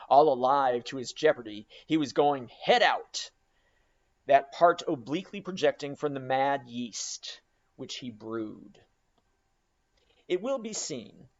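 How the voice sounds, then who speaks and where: A man reading a classic novel aloud as a dramatic audiobook narration with expressive, varied delivery. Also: medium pitch, lo-fi sound. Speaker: audiobook reader.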